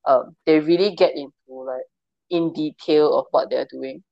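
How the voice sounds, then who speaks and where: On a lo-fi remote call with no echo, a podcast co-host speaks at normal speed in a low, warm voice with vocal fry and fairly even intonation. She keeps things chatty, reads from sources and laughs at herself.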